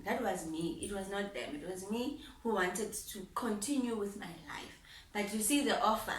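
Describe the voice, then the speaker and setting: A young woman vlogger shares a personal story with real heart, laughing often and repeating phrases. Her voice is lowish with a fairly bright tone. The mic sits at a distance, giving a roomy sound.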